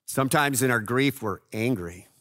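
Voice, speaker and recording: A man preaching a sermon in a slow, earnest way, swinging between loud passages and hushed ones. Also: medium pitch. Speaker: pastor.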